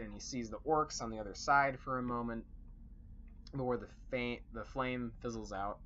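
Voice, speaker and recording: A man's voice: medium pitch, fairly even intonation, moderate pace, fairly bright tone, muffled recording. A young man recapping a tabletop game session as its game master, rambling with fillers and self-corrections.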